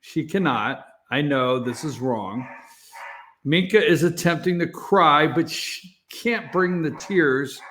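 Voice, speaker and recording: A man's voice: a little high, fairly bright tone. A man hosting a morning opinion talk show, speaking sarcastically and mocking, often laughing at his own remarks.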